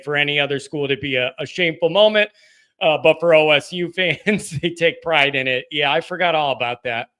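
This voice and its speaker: A man's voice: a little high, bright, forceful tone, smooth. A man hosting a live call-in sports talk show, blunt and combative as he answers viewers. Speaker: show host.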